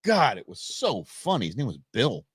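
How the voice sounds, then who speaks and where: A man's voice: mid-range voice, huge pitch swings, normal speed, breathy edge, no echo, studio quality. A man hosting a live political commentary stream, reacting to clips with sarcastic, mocking asides and frequent laughter.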